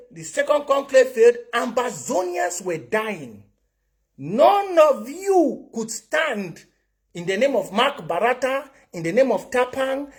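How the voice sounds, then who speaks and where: A man's voice: very high voice, husky. A man with a Cameroonian accent, giving an impassioned livestream political monologue that slips into Pidgin and repeats his points. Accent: Cameroonian English and Pidgin. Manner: impassioned, preachy, repeats himself. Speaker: online political commentator.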